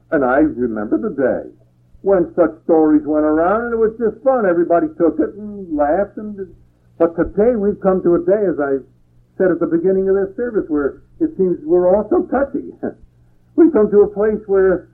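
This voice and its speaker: A man preaches a sermon with a lively, rising and falling voice that sits a little high for a man. He reads scripture and then explains it in a homey, folksy way. The sound is thin and tinny, like an old radio broadcast. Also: moderate pace.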